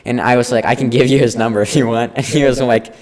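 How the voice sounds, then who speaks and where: A man's voice: mid-range voice, fast. A teenage boy co-hosting a podcast, telling a school story in casual chat and acting out the people in it. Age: teens. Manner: animated, acts out quoted people. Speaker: podcast co-host.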